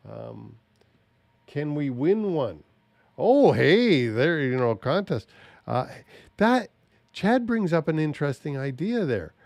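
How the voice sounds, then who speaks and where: Lively, chatty male podcast host. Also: a little high, slow pace, vocal fry, dry recording. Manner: rambling, chatty, thinks aloud. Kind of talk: casual podcast chat.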